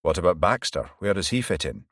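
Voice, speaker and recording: A man reading a steady police detective in a low, calm voice that stays close to his own. The sound is dry and close-miked. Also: a little fast, no echo, exaggerated voice.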